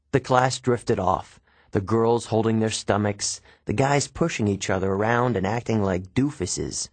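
A man's voice: fairly low pitch, a little slow, no room sound. A man narrating a novel in the first person in a casual, conversational teenage voice, recorded close in a studio. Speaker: audiobook narrator.

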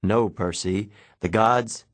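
A man voicing an older male centaur teacher, measured and gentle, in an audiobook. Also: on the low side, dry recording.

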